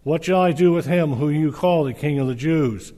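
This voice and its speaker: An uneasy, pleading Roman governor as a man reads him out in a fairly high, measured voice. The words ring out through a long-echoing hall. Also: warm tone, lightly acted. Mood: earnest. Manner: measured, earnest reading. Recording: reverberant hall.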